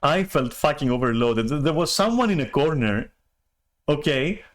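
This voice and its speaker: A man streamer telling a story in a casual rant, animated, swearing and restarting often. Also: on the high side, normal speed.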